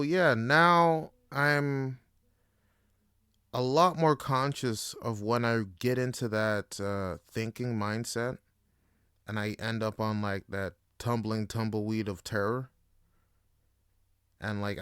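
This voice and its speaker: A man's voice: mid-range voice, slow, long pauses, a bit bright, clean tone, no room sound, studio quality. A young adult man hosting a podcast, telling a story in a casual, slangy, profane way. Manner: laid-back, slangy and profane. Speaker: podcast host.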